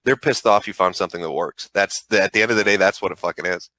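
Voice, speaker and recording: Host-type guy, crisp-bright and fairly low, dry close sound, swears constantly while rambling through advice. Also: fast talker, no echo. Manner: profane, rambling, frank advice. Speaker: online show host. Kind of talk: casual call-in chat.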